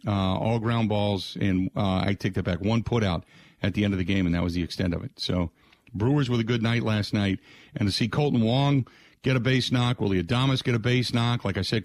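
Man, sports talk radio host, casual rambling recap, average pitch, dry studio sound. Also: dry recording. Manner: conversational, frequent "uh" fillers, rattles off game stats.

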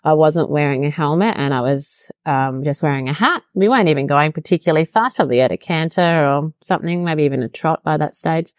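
A woman's voice: low voice, a little fast, hardly any pauses, no room sound, studio quality. A young woman chatting casually as an interview guest, telling a personal story in a self-deprecating way and laughing now and then. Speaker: podcast guest.

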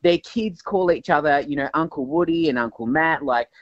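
A man's voice: on the high side, moderate pace, no room sound, muffled recording. An Australian man, an entertainment reporter, telling celebrity gossip as a chatty story. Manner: storytelling, conspiratorial.

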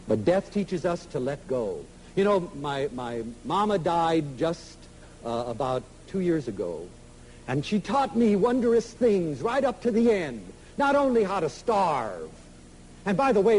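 A man giving an emotional, storytelling lecture to an audience, swinging from loud to soft. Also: high voice, a little hiss or hum, poor audio.

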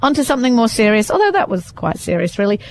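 A young adult woman, hosting a podcast in casual, animated chat and laughing easily. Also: a little high, quick pace, over music. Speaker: podcast host.

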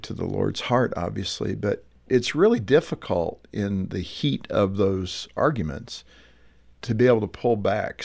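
A man's voice: on the low side, gravelly, a little mellow. A man hosting a faith interview, asking long, probing questions and thinking aloud. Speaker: radio show host.

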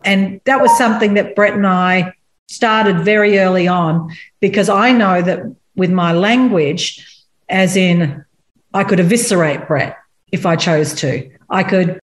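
A woman's voice: fairly low pitch, unhurried. Woman giving christian marriage advice, candid, tells her own stories, roomy echo. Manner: earnest, candid storytelling. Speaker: marriage speaker.

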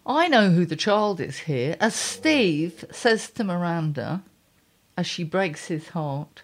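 A woman's voice: on the low side, very animated, slow. A middle-aged woman columnist reading her diary aloud and chatting, wry and blunt, with exasperated asides. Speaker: columnist and podcast host.

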